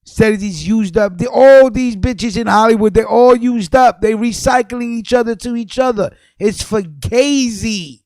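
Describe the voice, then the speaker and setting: A man ranting angrily on a livestream, cursing a lot, repeating himself, and jumping between low mutters and loud outbursts. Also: measured pace, few pauses, no room sound, studio quality. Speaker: livestream host. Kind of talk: profane ranting commentary.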